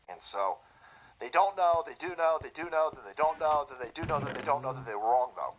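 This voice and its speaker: A man with a high, swooping voice rants on a livestream, profane and sarcastic, jabbing at every clip he reacts to. The sound is dull and muffled, with a faint hiss underneath. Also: sing-song, moderate pace, pauses often, a bit bright. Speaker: stream host. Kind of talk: livestream political commentary.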